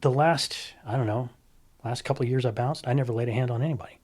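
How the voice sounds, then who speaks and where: Middle-aged man, husky voice, animated storyteller, acts out dialogue. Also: mid-range voice, fast. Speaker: stunt coordinator and guest. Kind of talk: casual storytelling conversation.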